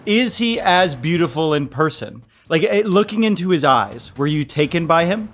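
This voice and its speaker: A man's voice: on the high side, big pitch swings, normal speed. A man co-hosting a podcast, asking teasing, playful questions in casual chat. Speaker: podcast co-host.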